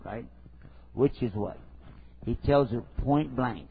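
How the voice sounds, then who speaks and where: A man's voice: medium pitch, measured pace, creaky, pauses often, a little hiss or hum. A man giving a religious lecture in a conversational style, telling stories and asking rhetorical questions. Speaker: Islamic preacher. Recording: tinny phone-like lo-fi recording.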